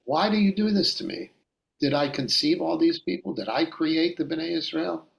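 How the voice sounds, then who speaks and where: A man doing a weary fed-up leader crying out to god in a scripture lesson, gravelly voice, lifting high and pleading hard. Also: moderate pace, lo-fi sound. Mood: exasperated.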